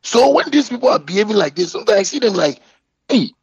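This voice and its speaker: Racing through his words, a Ghanaian man with a Ghanaian English accent brags and rants indignantly in response to a critic, his pitch lifting when he's heated. The husky, animated voice has no echo, though the recording sounds muffled.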